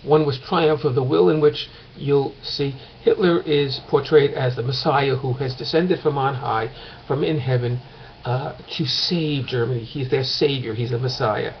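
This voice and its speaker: A man's voice: mid-range voice, fairly even intonation, normal speed, muffled recording, a little hiss or hum. A man teaching a course in a casual recorded lecture, talking late at night at home and rambling with many fillers and restarts.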